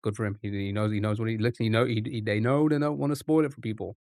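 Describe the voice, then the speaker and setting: A man's voice: fairly low pitch, steady tone, fast, a little mellow, no echo, clean studio sound. A man casually chatting on a live stream, rambling and thinking aloud, often repeating himself.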